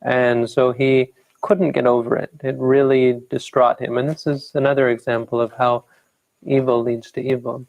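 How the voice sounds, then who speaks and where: A man's voice: medium pitch, level tone, moderate pace, gravelly, dry recording, muffled recording. A man, a Buddhist monk, giving a dhamma talk and retelling a scripture story unhurriedly, lightly acting out the quoted speech. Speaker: Buddhist monk and meditation teacher.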